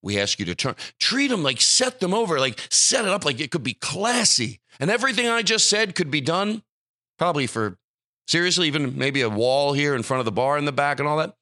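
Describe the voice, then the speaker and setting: Animated ranting man, bright tense voice. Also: on the high side, fairly quick, dry recording, studio quality. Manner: animated, ranting, swings between loud bursts and muttered asides. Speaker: podcast host. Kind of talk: casual podcast chat.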